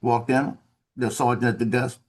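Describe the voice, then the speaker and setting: A man's voice: mid-range voice, normal speed. Man with a drawl telling a story. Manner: animated, acts out quoted officers. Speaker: former Marine telling a story. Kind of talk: casual storytelling on a video call. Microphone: video call.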